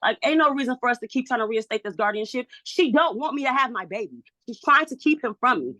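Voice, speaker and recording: Frustrated, pleading woman, bright voice. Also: fairly high pitch, lively intonation, fast talker, dry recording. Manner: frustrated, pleading, talks over others. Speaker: mother in a guardianship hearing. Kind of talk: emotional court testimony. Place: at home.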